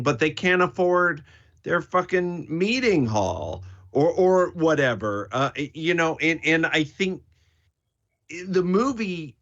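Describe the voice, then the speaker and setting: Emphatic, slow-talking man on a podcast. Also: a little high, fairly bright tone, highs cut off. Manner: emphatic, repeats words, swears casually. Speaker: podcast co-host. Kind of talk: casual film discussion.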